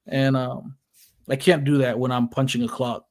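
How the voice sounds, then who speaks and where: A man's voice: medium pitch, little pitch movement, moderate pace, darkish tone, slight background noise. A man co-hosting a casual podcast, speaking in an earnest, reflective way. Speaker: podcast co-host.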